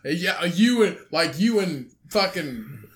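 A man's voice: fairly high pitch, sing-song, takes it slowly, fairly bright tone. A man co-hosting a casual podcast chat, teasing and swearing a lot, often mocking with fake stutters. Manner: teasing and profane, mock stutters. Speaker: podcast co-host.

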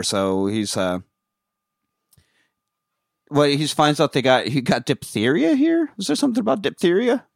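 A man chatting through a movie recap, cursing freely and laughing between lines. He jumps into quick put-on voices for the characters, and his pitch swings widely. The sound is dry and close to the mic. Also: big pitch swings, vocal fry, fairly bright tone, no room sound. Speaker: podcast host. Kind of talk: casual movie recap chat.

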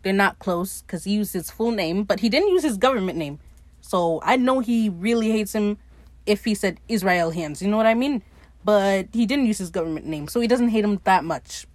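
A woman's voice: medium pitch, lively intonation, moderate pace, darkish tone, no room sound. A woman hosting a podcast, giving a casual, sarcastic and profane recap of a TV episode and acting out bits of dialogue as she goes. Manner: sarcastic, profane running commentary; acts out quoted dialogue while retelling. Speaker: podcast host recapping a TV series.

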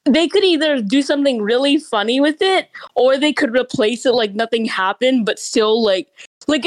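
A young woman chatting casually as a podcast co-host, her voice sitting a little high. She rambles and fills gaps with filler words, now and then dropping a swear. The sound is dry and close, with no room around it. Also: no room sound, rough recording. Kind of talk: casual chat.

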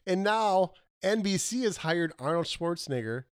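A man co-hosting a casual podcast, animated and quick to laugh. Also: high-pitched, clear, resonant tone, no room sound, studio quality. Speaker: podcast co-host. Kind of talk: casual chat.

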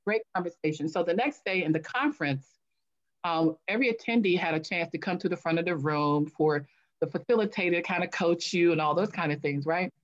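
A woman's voice: on the low side, fairly quick, muffled recording. A woman guest telling stories in an interview, acting out what she and others said. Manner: animated, acts out her own past voice. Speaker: guest, author. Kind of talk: interview storytelling.

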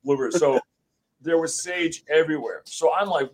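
Animated man telling a ghost story. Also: fairly high pitch, normal speed. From USA. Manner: rambling, acts out quotes, swears. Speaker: guest, homeowner telling a haunting story.

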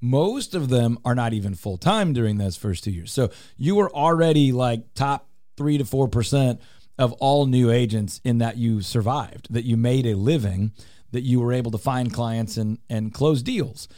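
A man who hosts a radio show and leads a real estate team talks in an upbeat, teasing, salesy way in casual studio chat. His voice is medium-pitched and warm, at normal speed, with no room sound.

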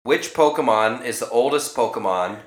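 A man's voice: mid-range voice, normal speed, reverberant. A man co-hosting a casual podcast, reading quiz questions and joking crudely with his friend. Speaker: podcast co-host, quizmaster.

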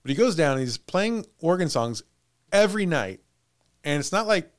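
A man with a slightly high voice tells a haunted-house tale to his co-host in relaxed podcast chat. His pitch swings widely as he talks. He laughs between lines and trails off into restarts. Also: normal speed. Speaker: podcast host telling a ghost story. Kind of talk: casual chat.

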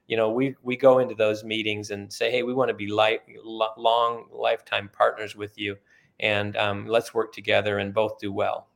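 A retired middle-aged man being interviewed, telling relaxed, anecdotal stories with many fillers. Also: lowish voice, normal speed, creaky. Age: middle-aged or older, retired. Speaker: guest, author and former company sales leader. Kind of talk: conversational storytelling.

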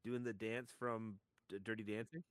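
A man's voice: fairly low pitch, little pitch movement, normal speed, dry recording. A man co-hosting a podcast, chatting casually and retelling crude jokes with lots of laughter. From Canada. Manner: laughing, crude joke-telling. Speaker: podcast co-host. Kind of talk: casual chat.

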